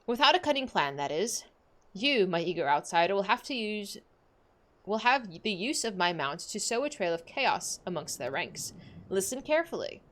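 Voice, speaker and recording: A woman reading the quest lines of an impatient, sharp-tongued female warrior scout in a curt, scolding way, with a lively voice. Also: mid-range voice, lightly acted. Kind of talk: reading quest dialogue aloud.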